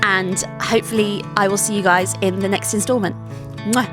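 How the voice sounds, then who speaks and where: A young adult woman chatting to camera as a vlogger, gushing and often apologising with quick asides. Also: medium pitch, steady tone, over music. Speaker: vlogger and party princess performer. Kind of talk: casual chat to camera.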